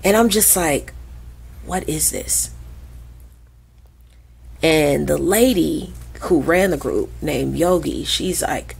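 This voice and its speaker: A woman in her forties, a podcast guest who tells stories in a lively, profane way and acts out the voices of people she quotes. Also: low voice, unhurried, creaky, hardly any pauses, slightly rough. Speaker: podcast guest, krump dancer. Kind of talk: animated storytelling in conversation.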